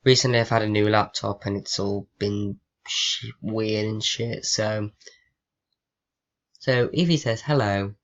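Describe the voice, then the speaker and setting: Casting: young guy, unhurried sarcastic vlog chat, dull lo-fi laptop sound. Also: on the low side, fairly even intonation. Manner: sarcastic, swears, reads typed questions aloud. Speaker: vlogger. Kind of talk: casual chat with a chatbot.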